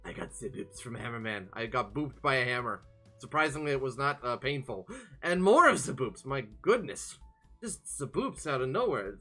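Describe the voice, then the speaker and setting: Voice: mid-range voice, sing-song, moderate pace, fairly bright tone, soft background music. A variety game streamer chatting live, bubbly and playful, greeting viewers by name.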